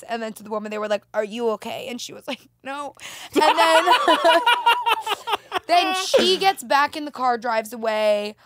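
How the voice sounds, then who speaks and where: A woman in a casual chat as a podcast guest, telling a story with animated acted-out exclamations. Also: fairly high pitch, a little hiss or hum. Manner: animated storyteller, acts out her own yelps.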